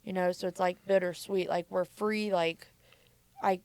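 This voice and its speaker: Speaking at a normal speed, this mother shares her history frankly as a podcast guest, her casual talk peppered with "like." She has a lowish, darkish voice that is clear and resonant, with fairly even intonation and no room sound.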